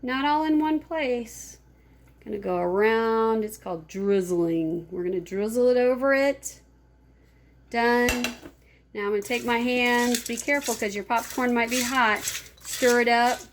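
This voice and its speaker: Slow, gentle woman teacher. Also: a little high, slight background noise. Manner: slow, gentle, talking to children. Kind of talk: classroom cooking demo.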